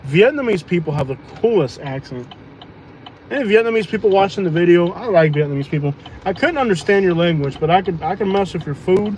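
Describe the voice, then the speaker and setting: Guy rambling on a phone livestream from his car, kinda high voice, lots of road noise. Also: lively intonation, fairly quick, darkish tone. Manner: rambling, joking, loose. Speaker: food delivery driver streaming live. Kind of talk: casual livestream chat while driving. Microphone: phone on live stream. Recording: noisy car cabin.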